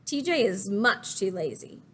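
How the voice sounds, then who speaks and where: A woman's voice: medium pitch, big pitch swings, a little slow, slight background noise. A woman voicing a blunt, smoke-weary woman. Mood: defensive. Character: weary chain-smoking woman, defensive and blunt.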